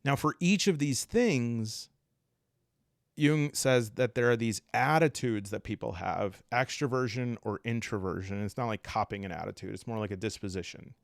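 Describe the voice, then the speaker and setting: Animated, jokey man explaining ideas. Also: mid-range voice, normal speed, gravelly, dry recording, clean studio sound. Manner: animated, digressive, jokey, with asides and laughs. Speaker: podcast host. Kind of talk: casual explanatory monologue.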